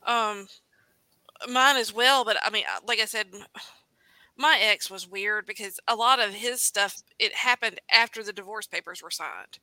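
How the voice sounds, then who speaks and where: Woman co-host, very bright and forceful tone, dry sound, casual explainer. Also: mid-range voice, normal speed, no room sound, low-quality recording. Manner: explains in loose, searching phrases. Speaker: podcast co-host. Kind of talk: casual discussion.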